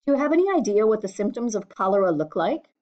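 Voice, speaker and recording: A woman reading the part of a brisk, curious doctor whose voice is hoarse and husky, asking quick questions. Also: medium pitch, animated, warm tone, lightly acted. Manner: brisk, questioning, kindly commanding. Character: British country doctor, middle-aged man, brisk and curious. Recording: slightly dull lo-fi recording.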